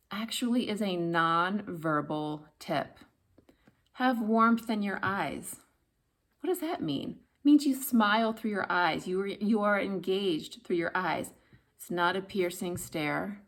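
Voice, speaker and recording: A woman voice coach giving an instructional talk, demonstrating hums and practice phrases between explanations. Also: lowish voice.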